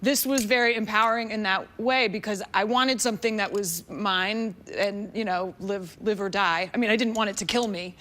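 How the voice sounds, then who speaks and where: A woman's voice: medium pitch, normal speed, few pauses, sharp tone. A woman guest on a late-night talk show, chatting in a playful, giggly way. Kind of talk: casual chat. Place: TV studio with live audience.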